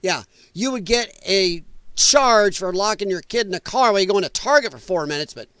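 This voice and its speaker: A man's voice: high-pitched, lively intonation, a little fast, fairly bright tone, clear, resonant tone, dry recording. A man hosting a political podcast, giving blunt, indignant commentary and swearing freely. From United States. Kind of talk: opinionated livestream commentary.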